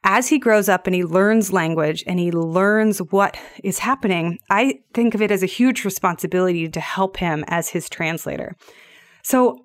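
Gentle, earnest woman podcaster. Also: fairly low pitch, normal speed, no echo. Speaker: podcast host. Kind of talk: reflective solo podcast talk.

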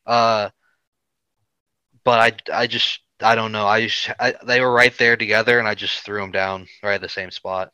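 Bright, clear-voiced man giving blunt takes. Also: on the low side, little pitch movement, normal speed, dry recording, highs cut off. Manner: blunt opinions, hesitant fillers. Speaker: podcast co-host. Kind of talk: casual chat.

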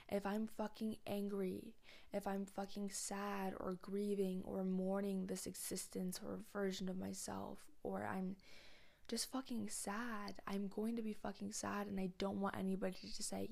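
Blunt, gravelly-voiced young woman podcaster. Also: medium pitch, little pitch movement, a little slow. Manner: blunt, profane and rambling, often dropping to a soft near-whisper. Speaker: podcast host. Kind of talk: candid confessional monologue.

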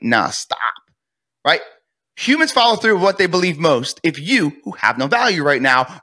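Bright-voiced man coaching in a fast, lively way. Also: medium pitch. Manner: energetic, acts out sales call scripts. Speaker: real estate coach. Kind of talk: podcast guest interview.

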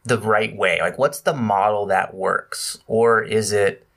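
A man's voice: lowish voice, fairly even intonation, slow, creaky, a bit bright. An American man hosting a podcast, asking questions in an easygoing, casual way. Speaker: podcast host. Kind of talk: casual interview.

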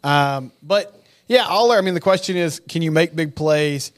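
A man's voice: a little high, moderate pace. A man co-hosting a sports podcast, giving analysis and dry asides in casual chat. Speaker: podcast co-host.

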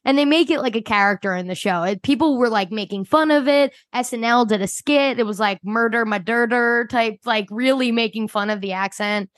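Chatty woman podcast host, higher voice. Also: fairly quick, hardly any pauses, no echo. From Delaware County, Pennsylvania. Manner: chatty, upbeat, swears casually. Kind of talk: casual podcast chat.

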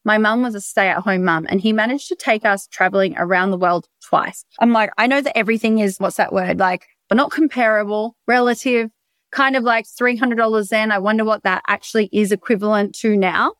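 An Australian woman hosts her own podcast alone, speaking straight into a dry, close mic with no room sound. She rambles through stories with lively energy and drops swear words freely. Her voice sits at a middle pitch for a woman. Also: a little fast, clear, resonant tone, no echo. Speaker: podcast host. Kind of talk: casual solo podcast monologue. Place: bedroom.

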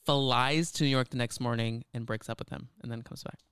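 A man's voice: mid-range voice, fairly quick, smooth, no room sound, studio quality. A man co-hosting a podcast, telling a story in casual chat and breaking into laughter often. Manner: giggly, animated storyteller who keeps breaking into laughter. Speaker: podcast co-host.

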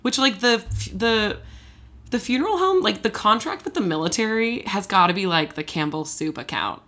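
A woman co-hosting a podcast, telling a story in casual chat, animated and full of fillers. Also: medium pitch, moderate pace. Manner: chatty, animated, many fillers and laughs.

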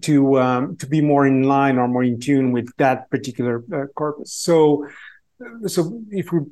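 A man's voice: mid-range voice, steady tone, normal speed, darkish tone. Man explaining carefully. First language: Portuguese. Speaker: guest expert. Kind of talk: podcast interview.

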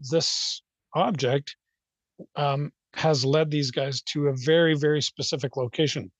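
A man's voice: medium pitch, dry recording, rough recording. A man explaining at length in loose, unscripted talk, hesitant and rambling, with many fillers and restarts. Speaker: guest.

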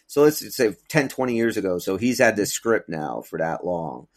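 A man's voice: fairly low pitch, big pitch swings, moderate pace. A middle-aged man co-hosting a podcast in casual chat, rambling through stories, cursing freely and groping for names. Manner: rambling storyteller, profane, gropes for names. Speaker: podcast co-host.

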